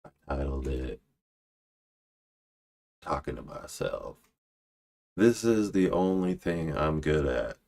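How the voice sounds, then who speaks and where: Very deep-voiced man reading his poems. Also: expressive, slow, creaky, pauses often, darkish tone. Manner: self-deprecating, restarts lines, muttering asides. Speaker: poet streaming live. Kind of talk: casual live stream, reading own poetry.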